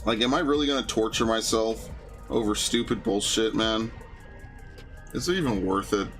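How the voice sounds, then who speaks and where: This gaming streamer is a man whose voice is on the low side and a bit bright, speaking at a moderate pace. His live-stream commentary is casual, full of cursing and grumbly rants, with game music behind him.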